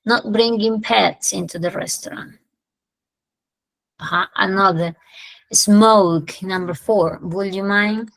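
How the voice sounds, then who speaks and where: A woman with a Peruvian Spanish accent teaching an English lesson, mixing Spanish explanations with slowly drawn-out English example sentences. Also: mid-range voice, fairly even intonation, no room sound, poor audio.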